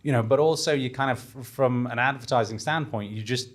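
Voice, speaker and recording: A man with a medium-pitched voice, talking fairly quickly, reads through ads as a podcast panelist during a casual panel chat. He sounds hesitant, filling his speech with fillers and frequent restarts.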